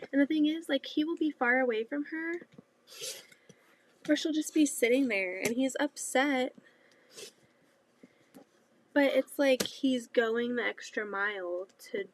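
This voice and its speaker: A woman's voice: a little high, slight background noise. A woman in her thirties with a cold and a nasal voice, chatting casually and half-whispering as she sews at home. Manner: talks softly, often half-whispering. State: congested with a cold. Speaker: vlogger. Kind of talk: casual chat while sewing. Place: home sewing room, indoors.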